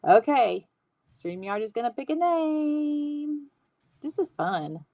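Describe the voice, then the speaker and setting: A woman's voice: sits high, very animated, takes it slowly, no echo. Lady chatting on a livestream, laughs a lot, dry close sound. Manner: chatty, warm-hearted, laughs often. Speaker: livestream host teaching hand lettering. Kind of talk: casual livestream chat.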